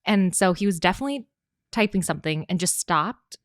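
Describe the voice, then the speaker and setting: A woman's voice: fairly low pitch, expressive, a little fast, no room sound, clean studio sound. Chatty young woman podcast co-host. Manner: chatty, playful storytelling with lots of fillers. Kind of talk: casual chat.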